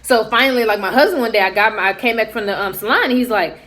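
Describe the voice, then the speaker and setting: A young adult woman vlogger telling a casual story, animated and acting out what other people said. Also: mid-range voice, quick pace.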